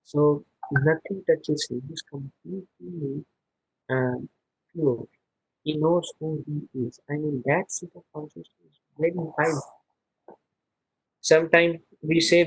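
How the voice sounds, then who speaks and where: A man gives a scripture class over a video call, walking through each verse one word at a time and chanting the Sanskrit. His voice sits a little high and has a slightly husky edge. The sound is dry and close, with no room around it. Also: steady tone, takes it slowly, long pauses, dry recording, poor audio. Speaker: spiritual teacher.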